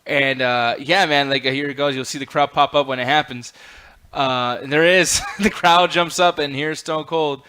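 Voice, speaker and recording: A young man hosting a casual wrestling chat, excitable and swearing a lot as he tells stories. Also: on the high side, moderate pace, clean tone. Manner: excitable, heavy swearing, animated storytelling. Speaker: podcast host.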